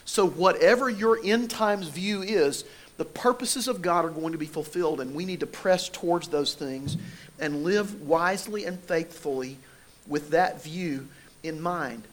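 A man's voice: fairly high pitch, measured pace. A man preaching a sermon, telling a personal story in a conversational way and building emphasis as he makes his point. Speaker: pastor.

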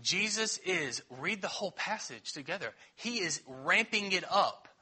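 A man delivers a sermon in a sharply bright, husky voice pitched a little high. He teaches conversationally as the pastor and keeps checking in with the congregation. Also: lively intonation, unhurried.

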